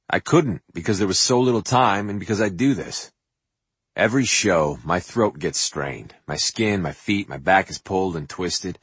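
A man reading his own memoir aloud for an audiobook, animated and profane, with a husky voice, recorded in a booth. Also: sits low, dry recording. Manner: animated and profane, acts out quotes and sings snippets. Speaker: memoir narrator.

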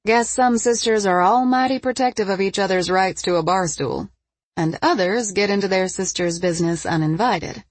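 A woman's voice: medium pitch, moderate pace, no echo, lightly acted. A woman reading a storybook, voicing a feisty, defensive young woman who speaks with a spirited manner.

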